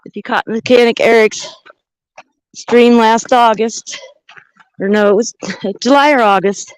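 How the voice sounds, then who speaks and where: A woman's voice: a little high, fairly even intonation, unhurried, smooth, no room sound, rough recording. A woman vlogging outdoors on a mountain trail, chatting and thinking aloud into a handheld camera as she hikes. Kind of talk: casual walking vlog narration.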